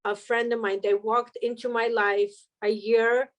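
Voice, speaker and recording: A middle-aged woman with a fairly high voice tells her own story as a guest on a talk show. She speaks in a candid, heartfelt way, often laughing through painful moments. Her manner stays earnest and open throughout. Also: little pitch movement, unhurried, low-quality recording. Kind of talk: emotional personal testimony.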